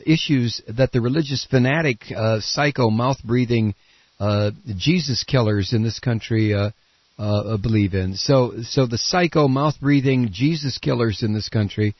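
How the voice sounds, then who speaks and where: A blunt, combative male host of a political talk radio show rambles and restarts, congested and coughing at his studio microphone. He speaks in a mid-range voice at a measured pace without echo, and the recording has a dull, lo-fi radio quality.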